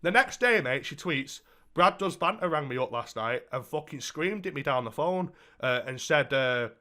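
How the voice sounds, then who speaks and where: A man's voice: a little high, expressive, normal speed, bright, forceful tone. A young man co-hosting a podcast, telling a story in casual chat and swearing heavily. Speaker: podcast co-host.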